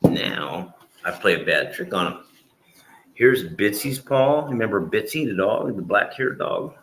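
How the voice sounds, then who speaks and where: Casual livestreamer, middle-aged man, lowish voice, rambling and cussing, faint hiss in a roomy space. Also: expressive, moderate pace, vocal fry. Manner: rambling, swears casually, shifts into loud scolding and prayer. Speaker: vlogger livestreaming with his dogs.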